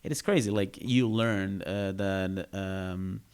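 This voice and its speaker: A man's voice: sits low, fairly even intonation, slow, a little mellow, clear, resonant tone. A man, a comedian guest on a podcast, talking casually and searching for his words with many restarts. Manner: laughs easily between points.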